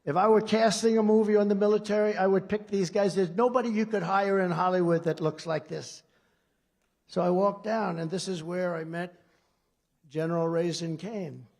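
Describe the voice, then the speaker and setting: Gravelly high-voiced older man rambling. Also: steady tone, moderate pace. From United States. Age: 70s. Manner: sarcastic, digressive, swings between loud emphasis and low asides. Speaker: political speaker at a conference. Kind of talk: rambling off-script rally speech. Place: large conference hall before an audience.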